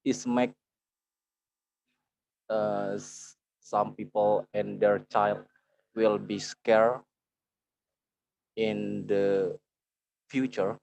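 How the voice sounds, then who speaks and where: Guy on a video call, slow and halting, low gravelly voice, dull dry audio. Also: a little mellow, no room sound. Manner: halting, hesitant, many pauses. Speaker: discussion participant. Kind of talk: online group discussion.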